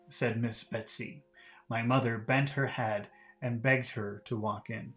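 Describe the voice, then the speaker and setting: A man's voice: medium pitch, fairly even intonation, unhurried, fairly bright tone, soft background music. Patient man explaining old English words. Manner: patient, paraphrases words in plain terms. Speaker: English teacher. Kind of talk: reading a novel aloud and explaining vocabulary.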